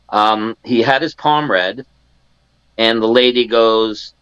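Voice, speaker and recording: A man's voice: lowish voice, measured pace, fairly bright tone, clear, resonant tone, no room sound, highs cut off. A man in his sixties from Canada, a guest in an interview, telling a personal story and acting out the family members he quotes, with many restarts. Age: 60s.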